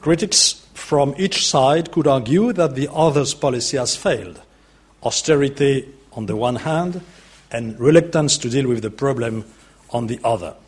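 An older Frenchman with a French accent gives a formal political speech in a measured, deliberate manner, with occasional hesitant fillers. His voice is medium-pitched and slightly rough.

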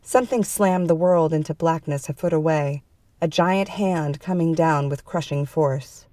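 A woman reads a dark fantasy story in a measured, even narration. Her voice is lowish and mellow. The recording is dry and close. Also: no echo.

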